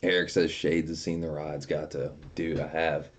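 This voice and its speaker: A man's voice: a bass voice, flat delivery, moderate pace. A young man casually chatting on a livestream, reading viewer comments aloud and telling profane stories with frequent laughter. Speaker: streamer.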